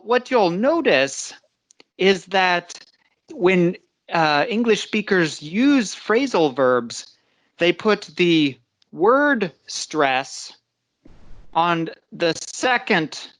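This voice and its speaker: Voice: mid-range voice, fairly bright tone, dry recording. An English teacher giving a live online lesson, explaining patiently and often restarting sentences.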